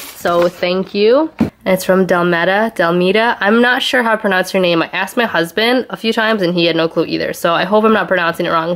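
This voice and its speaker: A young woman chats casually to camera as a vlogger, gushing and exclaiming a lot. She speaks at an ordinary mid pitch. A faint hiss of background noise sits under her voice. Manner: gushing, chatty, exclaims often. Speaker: vlogger and mother. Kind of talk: casual vlog chat.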